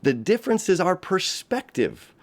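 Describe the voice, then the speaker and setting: A man's voice: sits high, very animated, normal speed. A man, hosting a casual astrology talk, rambling and repeating himself, and often laughing. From United States. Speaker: astrology host. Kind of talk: casual spoken horoscope talk. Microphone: camera setup.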